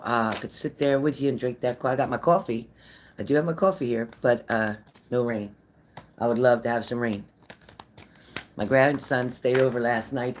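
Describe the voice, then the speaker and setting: A woman's voice: a bass voice, a little hiss or hum. An older woman, a psychic medium, chatting casually with viewers on a live stream, greeting them by name and repeating herself.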